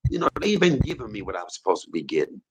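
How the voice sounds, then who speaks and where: Gravelly man preaching from a hospice bed. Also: lowish voice, wildly swooping pitch, racing, background noise. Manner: gravelly, husky voice, preachy and emphatic. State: in pain. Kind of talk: casual preaching talk. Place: hospice room.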